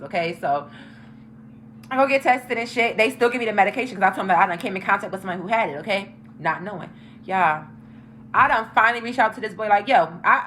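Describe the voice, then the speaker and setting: A young woman telling a story to her viewers, animated and profane, talking straight to the camera in a casual storytime. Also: mid-range voice, a little hiss or hum.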